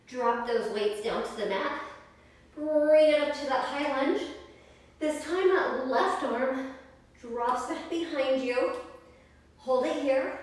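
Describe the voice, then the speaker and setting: A woman's voice: sits high, a little mellow. A young woman leading a live yoga class, upbeat and chatty, counting reps and a little out of breath. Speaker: yoga instructor. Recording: echoey room, mic at a distance.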